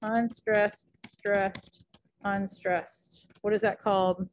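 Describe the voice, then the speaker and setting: A woman's voice: mid-range voice, unhurried. Woman teacher, casual lecture, chatty, thinks aloud, lots of ums and likes.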